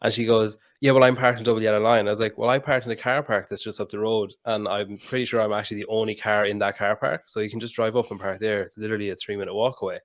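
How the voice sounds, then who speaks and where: Casting: podcast host, man, somewhat low voice, chatty storyteller who swears freely. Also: fast, hardly any pauses. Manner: animated anecdote-telling, swears freely, mimics people in quotes. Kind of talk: casual podcast conversation, storytelling.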